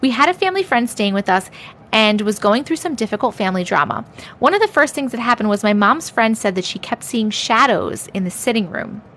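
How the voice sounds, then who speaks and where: A woman's voice: on the high side, animated, brisk, a bit bright. A woman hosting a livestream, chatting playfully with viewers, thanking them often and drifting between put-on accents as she reads their stories aloud. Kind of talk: casual livestream chat and story reading.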